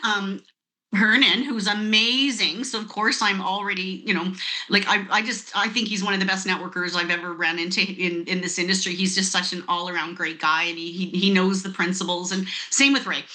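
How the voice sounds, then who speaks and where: A woman in her fifties, a network marketing guest, telling a lively story with laughs over a video call. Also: mid-range voice, fairly quick.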